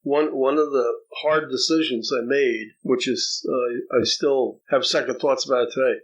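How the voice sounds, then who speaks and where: A man's voice: mid-range voice, fairly even intonation, moderate pace, lo-fi sound. An older man from New Jersey, an interview guest telling a personal story in a reflective way, often repeating words as he starts sentences.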